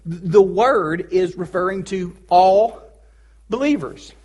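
Husky-voiced high-pitched male pastor. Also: slow pace, a little mellow. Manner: casual, joking preacher with pop-culture asides. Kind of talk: sermon.

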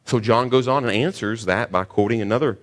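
A man's voice: mid-range voice, brisk. A male pastor preaching a sermon on a scripture passage, earnest, often stumbling and repeating words before pushing to emphatic questions.

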